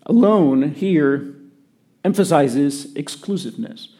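A man preaching a sermon to his church in an earnest way, often dropping to a quiet voice for emphasis. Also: fairly high pitch, lively intonation, takes it slowly. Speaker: pastor.

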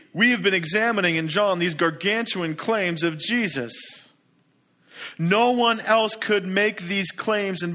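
This man's voice sits high as he preaches. He's an emphatic pastor, firing off rhetorical questions and swinging between loud proclamations and gentle asides.

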